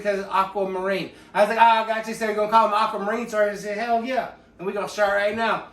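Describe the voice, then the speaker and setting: A man telling a rambling, profane comedic story in a deadpan way, full of tangents. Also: sits high. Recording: echoey room, distant from mic.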